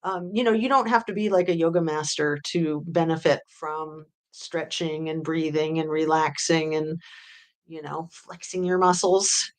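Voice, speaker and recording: A woman with a somewhat low voice talks loosely to her live viewers. She rambles, fills her pauses with ums and uhs, and reads out comments as a true crime host. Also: steady tone. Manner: chatty, rambling with many fillers. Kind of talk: casual chat with live chat readers.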